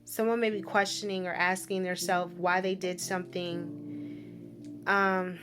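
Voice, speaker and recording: A woman's voice: fairly low pitch, flat delivery, unhurried, music in the background. A woman giving a casual spiritual message reading, chatty and repetitive, often checking in with the listener. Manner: chatty, repeats tag questions like "right?" and "okay?". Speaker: spiritual reader.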